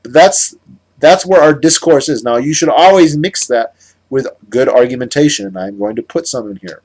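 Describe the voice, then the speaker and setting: A man's voice: medium pitch, normal speed, darkish tone. A man from the United States giving a heated, sarcastic monologue on his vlog, rambling with many restarts. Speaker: political commentator.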